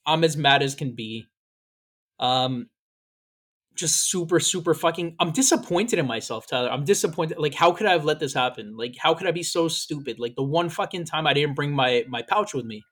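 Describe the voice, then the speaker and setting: Animated, profane storytelling man. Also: on the high side, moderate pace. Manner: animated, profane, acts out quoted lines. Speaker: podcast host. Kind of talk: casual storytelling chat.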